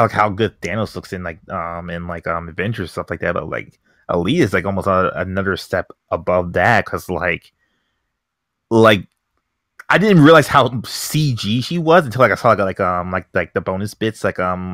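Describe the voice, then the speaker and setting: A man co-hosting a podcast, rambling excitedly about a movie and saying "like" constantly. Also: low-pitched, no room sound, clean studio sound. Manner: rambling, heavy use of "like", excited. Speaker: podcast co-host. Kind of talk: casual chat.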